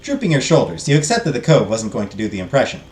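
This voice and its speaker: A middle-aged man from the United States reads a game's story with a lively, swooping delivery and chats between lines. His voice sits in a mid range. There is a roomy echo with soft music behind. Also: medium pitch, fast talker. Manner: expressive reader, chatty asides. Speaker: host. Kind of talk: reading a game's story aloud.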